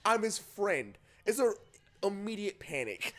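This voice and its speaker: A man's voice: sits high, normal speed. A young man telling a party story in casual talk, swearing and laughing often. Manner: animated, profane, laughs through the telling.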